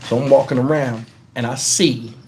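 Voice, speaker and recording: A man's voice: mid-range voice, normal speed, slight background noise. A man hosting a live stream, telling casual profane stories and laughing along. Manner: animated, profane, laughs through his stories.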